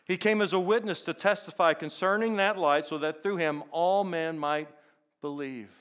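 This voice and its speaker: Smooth-voiced older pastor telling stories. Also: male voice, a little high, normal speed, a bit bright. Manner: earnest, repeats words as he goes. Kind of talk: sermon storytelling.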